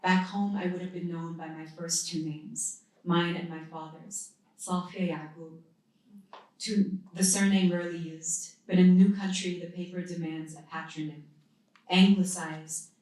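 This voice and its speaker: A woman in her thirties from the United States, reading her own poetry at a live event with measured, deliberate phrasing and pauses between lines. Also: lowish voice, a little mellow. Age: 30s. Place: indoor literary event venue. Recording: very echoey room, voice from a distance.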